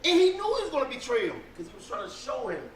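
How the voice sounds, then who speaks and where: A man's voice: very high voice, wildly swooping pitch, quick pace, fairly bright tone, slight background noise. Echoey man preaching a point. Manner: talks like a preacher, asking questions and making points. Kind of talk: casual podcast banter.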